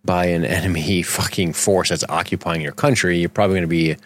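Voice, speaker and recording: A man's voice: sits low, fairly even intonation, brisk. A man co-hosting a film podcast in loose, rambling, profane casual chat. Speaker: podcast co-host.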